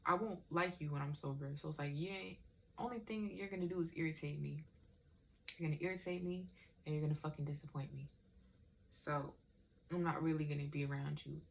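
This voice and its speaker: A woman's voice: deep voice, steady tone, a little fast, creaky, a little hiss or hum. A young woman vlogger in casual, candid chat, rambling and swearing freely.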